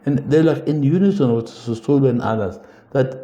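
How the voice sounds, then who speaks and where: Older man, mellow voice, earnest and measured storyteller, roomy echo. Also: medium pitch, muffled recording. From South Africa. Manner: earnest, measured, slows for emphasis. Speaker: interview guest, veteran politician. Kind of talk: reflective storytelling in a podcast interview.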